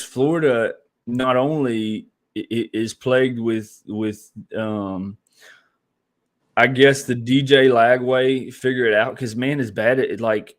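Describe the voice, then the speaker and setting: Rambling man on a sports podcast. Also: medium pitch. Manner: rambling, frequent restarts, laughs often. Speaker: podcast co-host. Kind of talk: casual sports podcast chat.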